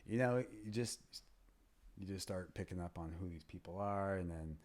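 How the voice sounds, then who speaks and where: An MMA fighter and trainer in his fifties, speaking at normal speed in a deep, slightly mellow voice, rambles through stories as a guest in a casual interview. Quoted lines often come out close to a whisper.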